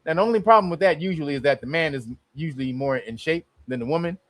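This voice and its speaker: A man hosting a casual live stream, his voice sitting a little high. He swears freely and swings from easy explaining into loud, worked-up outbursts. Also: fast talker, dry recording. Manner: profane, excitable, bursts into loud outrage and laughter.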